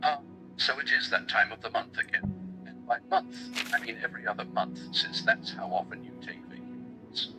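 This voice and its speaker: A man's synthetic voice playing a polite, gently teasing chamberlain who serves a mad god, with music behind him. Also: mid-range voice, normal speed, natural voice, poor audio. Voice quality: smooth synthetic voice. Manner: formal, courtly, gently teasing. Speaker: AI chat character.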